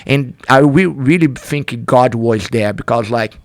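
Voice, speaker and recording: A man's voice: mid-range voice, measured pace, no room sound, clean studio sound. A middle-aged man with a Brazilian accent, a native Portuguese speaker, telling a candid personal story in a podcast conversation, earnest and emphatic. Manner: earnest, non-native grammar, emphatic repetition. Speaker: podcast guest, jiu-jitsu instructor.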